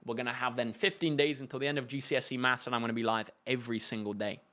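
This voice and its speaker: A young man with a British English accent, a maths tutor answering viewers' questions in a relaxed, chatty livestream with plenty of fillers and restarts. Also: mid-range voice, rapid-fire. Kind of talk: casual livestream Q&A.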